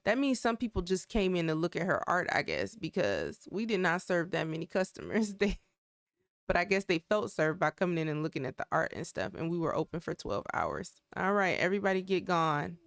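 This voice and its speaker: A woman's voice: on the low side, big pitch swings, a little fast, dry recording, studio quality. A woman hosting a life-simulation game channel, giving chatty, exclamatory let's play commentary straight to her viewers. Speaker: gaming channel host.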